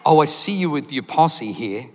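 A preacher putting on a mock-offended mother scolding her grown son, sassy and huffy. The voice sits fairly high and rings out with a long hall echo. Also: lively intonation, moderate pace. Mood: indignant. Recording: long reverb in a large hall.

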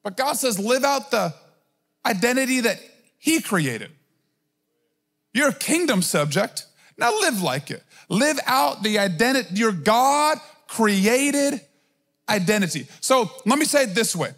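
A man's voice: extremely high pitch, very animated, measured pace, a bit bright. A man in his thirties preaching a sermon in an emphatic, conversational way, full of casual fillers. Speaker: pastor.

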